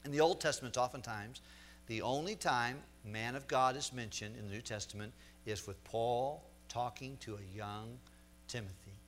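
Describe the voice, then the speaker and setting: A middle-aged man preaching a sermon as pastor, emphatic, repeating words and slowing down to stress a point. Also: medium pitch, a bit bright, slight background noise.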